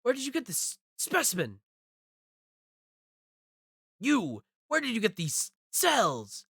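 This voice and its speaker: Streamer doing a sneering middle-aged professor, bright, haughty, animated. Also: male voice, extremely high pitch, takes it slowly, gravelly, breathy edge, dry recording, clean studio sound, pitched above the performer's own voice, heavily acted. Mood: scornful. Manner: haughty, interrogating. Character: arrogant scornful male professor, middle-aged.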